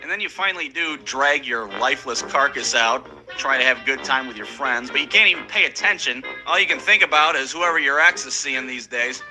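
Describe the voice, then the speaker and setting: A man's voice: medium pitch, lively intonation, a little fast, over music, rough recording. A man telling profane comic stories on stage, ranting and acting out people in raised voices. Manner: rants loudly, acts out people in raised voices. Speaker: stand-up comedian.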